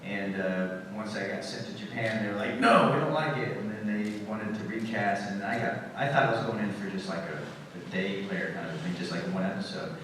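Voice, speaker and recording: A man's voice: lowish voice, fairly even intonation, a bit bright, a little hiss or hum. A man, a guest actor on a convention panel, answering fan questions with lots of fillers and restarts. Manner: halting, many fillers. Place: large convention hall. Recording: echoey hall from far off.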